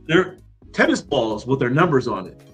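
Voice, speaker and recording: Dude telling wild stories, laughs a lot, some faint music in the back. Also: male voice, mid-range voice, moderate pace, husky. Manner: animated, laughing, swears freely. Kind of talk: casual storytelling chat.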